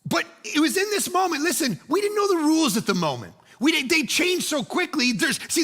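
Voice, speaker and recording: Male pastor, middle-aged, gravelly edge, bright tone, casual and animated storyteller. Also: extremely high pitch. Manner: animated, acts out voices in his story, casual slang. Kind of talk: sermon with a storytelling anecdote.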